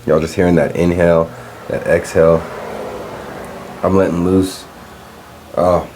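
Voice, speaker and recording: A man with a low, deep voice hosts a casual solo podcast. He swears freely and rambles through stories while smoking. A faint hiss of noise sits under the recording. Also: level tone, measured pace, darkish tone. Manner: loose, profane, storytelling with laughs.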